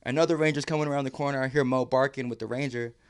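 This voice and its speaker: A man's voice: medium pitch, steady tone, very fast, clean tone. A man, a podcast guest, telling a story casually, acting out quotes and laughing often.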